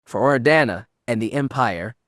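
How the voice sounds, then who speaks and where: A man's voice: medium pitch, expressive, normal speed, dry recording, studio quality, natural voice. A man reading an audiobook, voicing an arrogant, ambitious male magistrate who talks in a self-important, aggrieved manner. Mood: wary.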